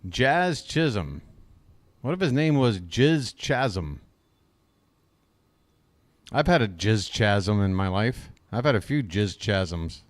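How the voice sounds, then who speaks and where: A man's voice: fairly low pitch, animated, slow, pauses often, dry recording. A man doing casual live-stream baseball commentary, rambling and crude, talking to himself between plays.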